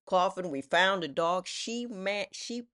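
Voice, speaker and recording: Woman, 60s, lively self-deprecating storyteller who drops into quoted voices. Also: on the low side, a little slow. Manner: animated, self-mocking, acts out voices in quotes. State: widowed. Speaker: vlogger. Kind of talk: personal storytelling.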